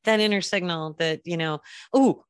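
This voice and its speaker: A woman's voice: lowish voice, dry recording, clean studio sound. A woman hosting a podcast in casual chat, easygoing and agreeable, asking her guest questions. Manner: easygoing, agreeable, with quick laughs. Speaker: podcast host.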